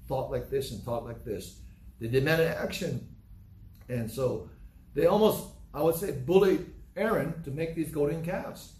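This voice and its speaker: A man's voice: on the high side, a little mellow, a little hiss or hum. Brief: male pastor, conversational sermon with acted-out scenes, echoey room. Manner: conversational, acts out scenes in different voices.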